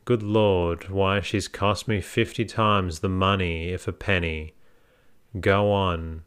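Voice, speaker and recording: Man voicing a gruff drunken hay-trusser. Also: low voice, fairly even intonation, takes it slowly, fairly bright tone. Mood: stubborn. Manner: blunt, scornful, stubborn. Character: gruff drunken male hay-trusser selling his wife.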